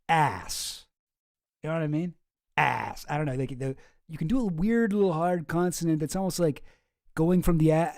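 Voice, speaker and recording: A man's voice: on the high side, warm tone, dry recording, studio quality. A man hosting a casual stream, rambling and jokey, often stopping himself mid-sentence. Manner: rambling, self-interrupting, jokey. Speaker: streamer host. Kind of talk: casual chat.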